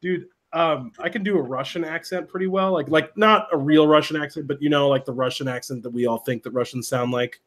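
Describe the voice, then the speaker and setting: A man's voice: on the high side, a little fast, few pauses, fairly bright tone. A young man hosting a casual livestream, rambling with many fillers and frequent laughter, talking into a computer mic. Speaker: livestream host. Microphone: computer mic, mutes while typing.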